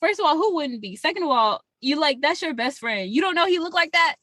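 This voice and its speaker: A woman's voice: sits high, fairly quick, no echo. A woman co-hosting a podcast, retelling a movie in casual chat, acting out the characters' lines and swearing freely. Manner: animated storytelling with acted-out quotes and profanity. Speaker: podcast co-host.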